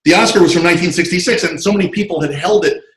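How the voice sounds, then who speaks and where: A man being interviewed about his screenwriting career, telling animated, digressive stories full of asides over a video call. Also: high-pitched, racing, echoey room, low-quality recording. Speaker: interview guest, screenwriter and comic artist. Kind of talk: casual anecdotal storytelling.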